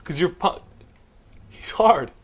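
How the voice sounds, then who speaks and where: A man's voice: high-pitched, lively intonation, slow pace, breathy edge. A young man hosting a podcast, telling a story animatedly, acting out voices, swearing and laughing. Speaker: podcast host. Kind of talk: casual chat.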